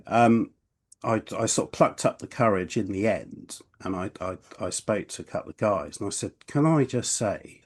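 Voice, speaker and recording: A man's voice: lowish voice, normal speed. Man telling a rambling anecdote. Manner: rambling storyteller, hesitant restarts. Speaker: podcast co-host. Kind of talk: casual chat, anecdote.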